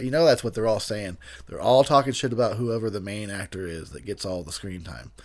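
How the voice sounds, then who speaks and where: A tipsy man talks over a film in a loose, rambling commentary. He laughs often and lets his sentences trail and restart. His pitch leaps up when he jokes. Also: fairly quick, few pauses, a little mellow. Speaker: movie commentary host. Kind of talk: casual drunken movie commentary.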